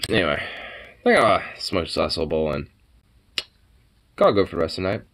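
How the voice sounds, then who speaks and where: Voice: sits low, wildly swooping pitch, normal speed, vocal fry. A streamer in loose, profane, laid-back casual chat while playing a game.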